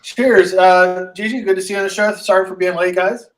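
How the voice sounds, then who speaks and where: A man's voice: high voice, fairly even intonation, brisk, noisy background. Podcast co-host, man with Pittsburgh accent, loose rambling jokey delivery. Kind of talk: casual chat.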